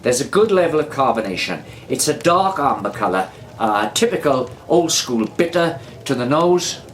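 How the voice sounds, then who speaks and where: A man's voice: medium pitch, sing-song, normal speed, a little hiss or hum. A Welsh man hosting a casual beer review vlog, chatty and rambling, repeating himself and drifting into anecdotes. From Wales.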